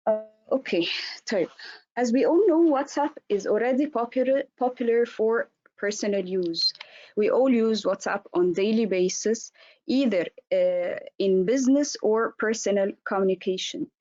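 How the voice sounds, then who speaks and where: A woman with a hoarse voice from an allergy, presenting a business webinar as a consultant and stumbling over fillers and restarts. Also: on the high side, normal speed, mellow, no echo, muffled recording. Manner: hesitant, many fillers and restarts.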